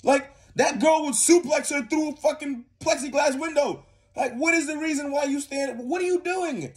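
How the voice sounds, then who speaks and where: A man's voice: very high voice, steady tone, moderate pace. A young man co-hosting a reaction video, ranting in heated, profane casual commentary.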